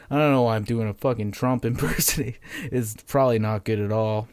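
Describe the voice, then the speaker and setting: A man hosting a casual solo podcast from home, monotonous and deadpan sarcastic, swearing freely into a microphone on a stand. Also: medium pitch, brisk, clean tone, no room sound. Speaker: podcast host.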